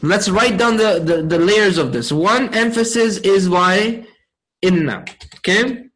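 Guy teaching a class real slow, keeps asking students if they follow, highish voice. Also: fairly bright tone, rough recording. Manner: questioning, checks in with students often; slow, deliberate explaining. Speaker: Arabic grammar teacher.

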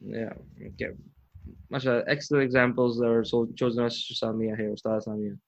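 A man's voice: medium pitch, level tone, brisk. A man teaching Arabic grammar in a live lesson, patient and encouraging, drilling terms aloud. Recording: muffled lo-fi audio.

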